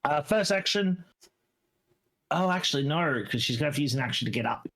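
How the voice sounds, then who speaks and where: A man's voice: fairly high pitch, animated, a little fast, fairly bright tone. A man playing in a tabletop game, talking casually, swearing and thinking aloud about the rules. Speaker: player.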